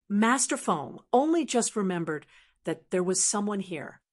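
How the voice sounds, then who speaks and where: A woman narrating a fantasy audiobook in an even, steady reading voice. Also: medium pitch, measured pace.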